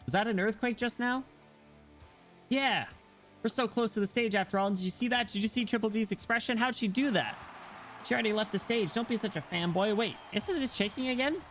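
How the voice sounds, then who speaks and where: A man voicing an excited, flustered young concert fan in a game story. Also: sits high, fairly quick, faint music behind, voice pushed up.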